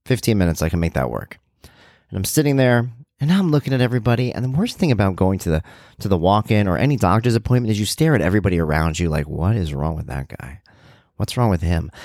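A middle-aged man hosts a podcast, telling a loose story with self-deprecating jokes. His voice sits low. The sound is dry and close on the mic, with no room around it. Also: a little mellow, no room sound. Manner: rambling, self-deprecating humor. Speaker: podcast host. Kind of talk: casual storytelling monologue.

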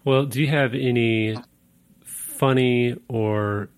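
A man's voice: mid-range voice, fairly even intonation, slow, smooth. A man hosting a podcast, asking questions and giving brief responses as he listens. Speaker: podcast host. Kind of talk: casual interview.

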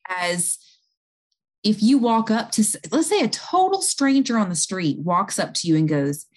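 A woman speaking as an interview guest, calmly explaining and talking through everyday examples. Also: mid-range voice, a little slow. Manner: calm, explanatory, talks listeners through examples. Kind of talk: conversational advice.

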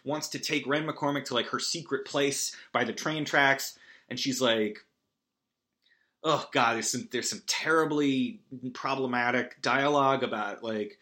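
A man hosting a podcast, recapping a movie in a rambling, self-deprecating way with big animated swings. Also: medium pitch, a little slow. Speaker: podcast host.

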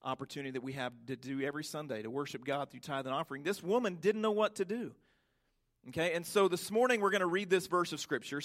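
A man preaching a Sunday sermon as pastor, asking the congregation rhetorical questions and drawing out key words slowly for emphasis. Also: a little high, a bit bright.

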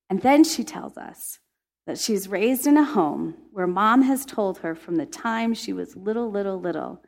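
A woman's voice: mid-range voice, unhurried, vocal fry. A woman telling a heartfelt faith testimony to listeners, earnest and emotive. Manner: earnest, emotive, laughs when excited. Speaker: Christian speaker.

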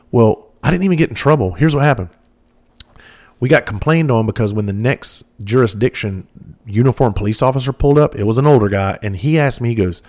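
A man's voice: mid-range voice, fairly quick, a little mellow. A man, a former police officer telling rambling, profane stories with lots of fillers. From southern United States. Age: 40s. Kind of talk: casual storytelling monologue.

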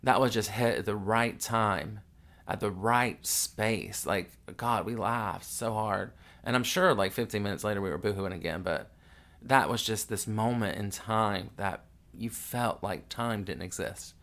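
A man with a low voice tells a raw family story on his podcast while grieving. He swears freely and talks candidly, dropping to a hush in the sad parts and getting loud and excited in the funny ones. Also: a little slow. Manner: candid and profane, swings from hushed grief to loud excited retelling. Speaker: podcast host.

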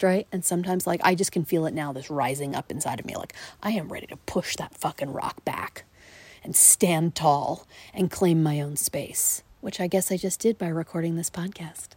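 Mellow whispery woman in her forties. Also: fairly low pitch, slightly rough, no room sound. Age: 40s. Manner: reflective, frequently whispering and laughing. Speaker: podcast host. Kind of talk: solo podcast monologue. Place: outdoors in a backyard at night.

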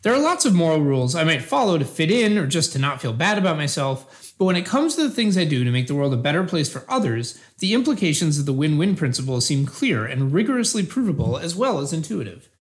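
A man reading the part of an earnest debater who defends utilitarian ethics in a scripted philosophical dialogue, measured and patient. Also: fairly high pitch, big pitch swings. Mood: calm.

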